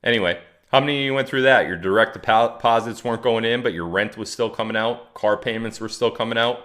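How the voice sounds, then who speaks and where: A man's voice: medium pitch, fast, fairly bright tone. A man hosting a casual livestream, talking to his chat in a chatty, mocking way and reading viewer comments aloud. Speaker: livestream host.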